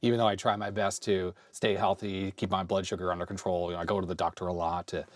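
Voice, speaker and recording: Hoarse man in his 40s, workbench tech talk. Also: low voice, flat delivery, fast, no echo. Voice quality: slightly raspy. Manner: rambling, thinks aloud while handling hardware. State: slightly hoarse from a cold. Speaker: retro computer video host. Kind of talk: casual hands-on tech vlog. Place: home workbench.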